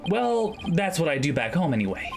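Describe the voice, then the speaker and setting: A woman's voice: deep voice, very animated, fairly quick, background noise. A woman voicing a chatty young lawyer tourist. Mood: sheepish. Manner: wide-eyed, chatty, gushing. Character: cheerful young male lawyer abroad as a tourist. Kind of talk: reading game dialogue aloud. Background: game music.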